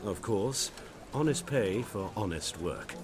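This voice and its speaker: An actor playing a wary, businesslike grain merchant in a video game, speaking stiffly and formally. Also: male voice, on the low side, animated, takes it slowly, over music. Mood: haggling.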